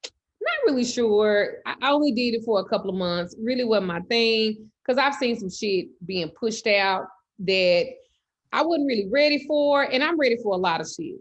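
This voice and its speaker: A woman telling a comedic story in animated, loud, profane style. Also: on the high side, moderate pace, highs cut off. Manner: animated, loud, cursing freely. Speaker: host.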